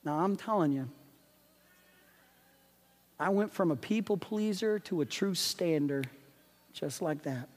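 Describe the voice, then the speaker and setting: Guy pastor preaching, high voice, lively and emphatic, big church echo. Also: measured pace, long pauses, soft background music. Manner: animated, emphatic preaching with storytelling. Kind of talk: sermon. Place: church sanctuary. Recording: long reverb of a church sanctuary.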